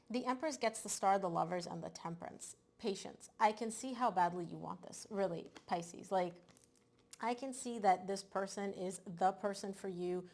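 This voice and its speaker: A woman giving a casual tarot reading to camera, animated and emphatic, often repeating words for stress. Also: medium pitch. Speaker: tarot reader.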